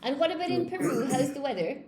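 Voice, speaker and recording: A woman's voice: high voice, lively intonation, fast talker, reverberant, a crowd in the background. An Irish woman teaching English, chatting with students on a video call and asking them questions. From Ireland. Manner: chatty, encouraging, asks questions. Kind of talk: casual conversation class.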